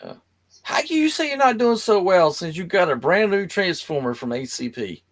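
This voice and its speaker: A man hosting a relaxed online call with a gravelly, creaky voice. His pitch swings widely as he rambles and laughs along with his guests. He sounds like he is talking over a video call. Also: moderate pace. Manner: animated, laughs often, rambling. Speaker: host. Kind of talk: casual video-call chat.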